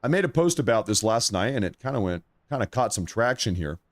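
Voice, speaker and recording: A man hosting a live news commentary stream, talking straight to his viewers with excitement while he is losing his voice. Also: fairly low pitch, brisk. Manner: excitable, addresses viewers directly. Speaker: livestream host.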